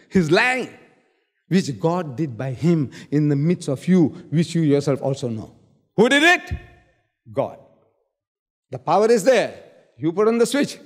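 A man's voice: fairly high pitch, darkish tone, husky. Emphatic man debating in an echoing hall. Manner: emphatic, rhetorical questions, repeats key words. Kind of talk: public debate speech. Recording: long reverb of a large hall.

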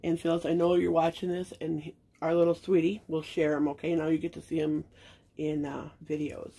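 Gravelly, soft-spoken woman gushing over baby clothes. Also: sits low, flat delivery, brisk. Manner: gushing and sentimental, soft-spoken with frequent fillers. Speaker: reborn doll collector and channel host. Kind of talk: casual unboxing chat to viewers.

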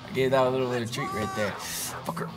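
A man streaming a video game with a friend, swearing a lot and shouting at the screen. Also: mid-range voice, quick pace. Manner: profane, excitable, yells at the game. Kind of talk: casual gaming stream banter. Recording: game music playing behind.

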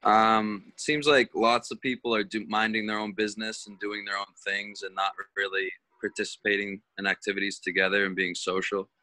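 A young man answering a teacher over a video call, his replies short and hesitant. His voice sits low and flat, with a bright edge. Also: fairly quick, hardly any pauses. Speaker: student.

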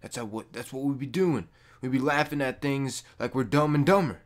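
A young man making a casual gaming vlog into a microphone, loose and jokey, with loud high-pitched bursts when he mocks people. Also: normal speed. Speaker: gaming YouTuber. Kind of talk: casual talking-to-camera vlog. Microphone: desk microphone.

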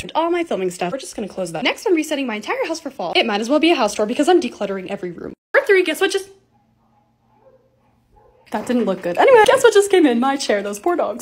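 A woman's voice: on the high side, noisy background. A young woman in her twenties giving gushing, upbeat chatter as a lifestyle vlogger, narrating her home and hauls. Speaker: lifestyle content creator. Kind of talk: casual vlog voice-over. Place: home rooms.

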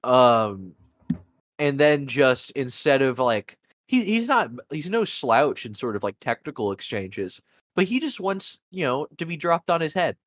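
A man hosting a casual wrestling podcast, talking in halting bursts with lots of fillers. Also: medium pitch, sing-song, a bit bright, no room sound, clean studio sound. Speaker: podcast host. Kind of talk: casual chat.

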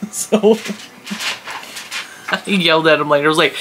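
Chatty woman, bright voice, stuffy with allergies. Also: mid-range voice, normal speed, pauses often, a little hiss or hum. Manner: chatty, rambling, laughs often. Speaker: crochet channel vlogger. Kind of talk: casual chat vlog.

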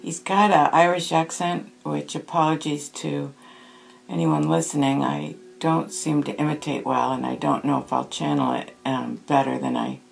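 A woman spirit medium, speaking slowly and thoughtfully as she records a meditation session. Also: low-pitched, fairly even intonation, vocal fry. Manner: slow, hushed, thoughtful.

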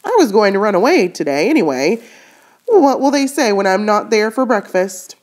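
A woman's voice: mid-range voice, very animated, normal speed, a little mellow. A woman reading aloud voices the scattered, wondering inner thoughts of a young girl on a runaway ride.

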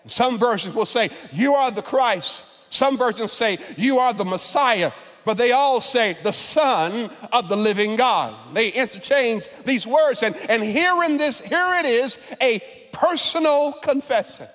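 A man preaching a sermon as pastor, often repeating words as he builds, and he rises into shouted climaxes. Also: very high voice, lively intonation, unhurried. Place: large church sanctuary. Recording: long church reverb.

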